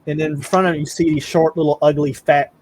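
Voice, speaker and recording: Halting man running a tabletop game. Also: fairly high pitch, flat delivery, a little mellow, a little hiss or hum. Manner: halting, repeats words, laughs often. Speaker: game master. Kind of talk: narrating a tabletop game over voice chat.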